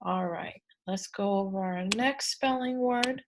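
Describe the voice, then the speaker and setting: A woman's voice: mid-range voice, a little slow, noisy background. A woman teacher giving a spelling lesson to young children, patient, repeating words and checking in with "okay" again and again.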